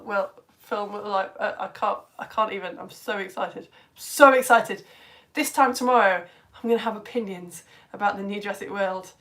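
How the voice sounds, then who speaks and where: A woman and mother, chatting excitedly to her live-stream audience as she reads out their comments. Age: adult parent. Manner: excitable, chatty, with big swings in pitch and loudness. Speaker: live-stream educator reading chat comments.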